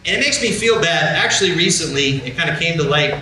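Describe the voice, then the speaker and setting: A man's voice: a little high, lively intonation, fast talker. A man doing a stand-up comedy set on a club stage, telling a story and acting out both sides of a conversation. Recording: roomy club, far from the mic, loud crowd noise. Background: audience laughter.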